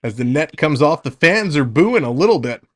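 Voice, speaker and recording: Guy doing live hockey play by play on a stream, kinda high voice, quick short calls then chatting w chat. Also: animated, fairly bright tone. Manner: narrates action in short bursts, chats with viewers between plays.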